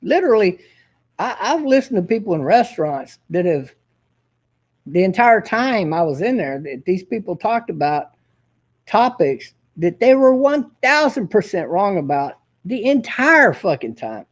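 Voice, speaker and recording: A man's voice: sits high, sing-song, unhurried, lo-fi sound. A man hosting his own show, ranting in a profane, combative and boastful way. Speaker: host. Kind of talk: casual ranting monologue.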